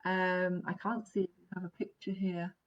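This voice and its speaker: Warm-toned medium on a live webcam stream: lowish voice, checks in often, muffled sound. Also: female voice, flat delivery, normal speed. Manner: gentle, reassuring, keeps checking in with "all right?" and "okay?"; laughs softly between sentences. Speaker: psychic medium. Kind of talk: live online reading. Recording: dull, lo-fi live stream audio.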